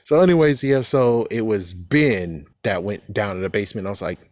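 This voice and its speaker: A man's voice: fairly low pitch, lively intonation, moderate pace, darkish tone, dry recording, studio quality. A man giving a casual, rambling recap of a TV episode, swearing freely and laughing at his own jokes. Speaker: fan reviewer.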